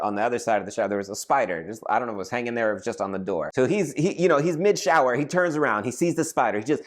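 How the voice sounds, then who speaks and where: Animated man telling a funny story. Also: mid-range voice. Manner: animated, acts out voices and shouts. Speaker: storyteller vlogger. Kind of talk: casual comedic storytelling.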